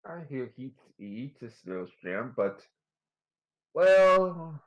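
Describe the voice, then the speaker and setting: A man narrating a tabletop game as game master in a relaxed, drawn-out manner. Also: medium pitch, muffled recording.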